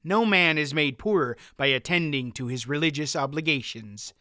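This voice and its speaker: A man voicing a stubborn, pious older male farmer who speaks firmly and flatly. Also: on the high side, normal speed, no echo, clean studio sound. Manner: firm, flat, stubborn.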